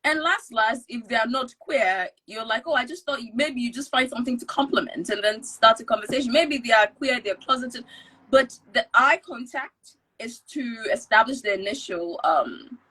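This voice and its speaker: A woman's voice: on the high side, normal speed, husky, poor audio. A woman from Ghana co-hosting a podcast, chatting casually, laughing and teasing as she tells stories. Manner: laughing, teasing, animated storytelling. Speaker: podcast co-host. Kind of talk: casual chat.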